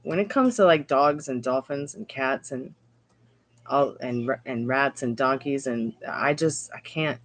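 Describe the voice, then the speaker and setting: A woman reading tarot on a live stream, chatting casually with viewers and rambling in halting, restarting sentences. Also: rumbling low.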